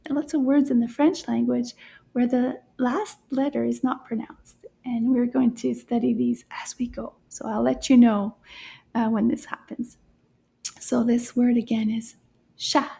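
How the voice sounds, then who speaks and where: A woman teaching a children's French lesson in soft, encouraging tones, often dropping into a half-whisper and pronouncing each word slowly and clearly. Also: high voice.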